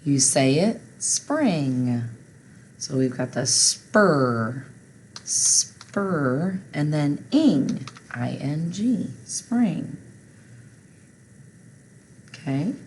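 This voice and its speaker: A woman's voice: low-pitched, big pitch swings, drawn-out words, a little mellow, slight background noise, poor audio. A woman teacher leading a phonics spelling lesson for children, patient and encouraging.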